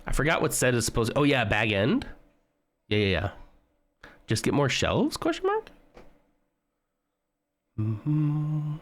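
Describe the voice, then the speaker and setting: A man's voice: mid-range voice, huge pitch swings, normal speed, pauses often, a bit bright. A man streaming live, chatting casually and joking with his viewers as he browses. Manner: chatty, joking, talks to chat while browsing.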